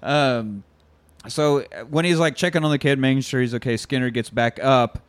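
A man casually recapping a film plot in chat, animated and often laughing. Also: mid-range voice, moderate pace, dry recording. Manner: animated retelling, acts out quotes with laughs. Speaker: podcast co-host.

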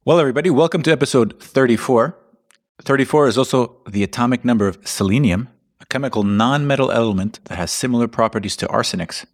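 A man's voice: mid-range voice, quick pace. A man in his thirties co-hosting a podcast, joking and rambling through pop-culture references. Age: 30s. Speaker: podcast co-host. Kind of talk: casual podcast banter.

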